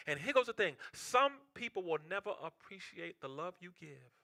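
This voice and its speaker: A male pastor preaching a sermon with impassioned delivery, swinging between loud outcries and hushed near-whispers. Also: high voice, lively intonation, normal speed, gravelly, few pauses. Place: church.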